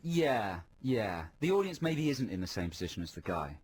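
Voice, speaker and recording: A man's voice: lowish voice, very animated, moderate pace, a little mellow, a little hiss or hum. A man co-hosting a radio show in a studio, explaining things and adding dry quips in casual banter. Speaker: radio co-host. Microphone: studio microphone.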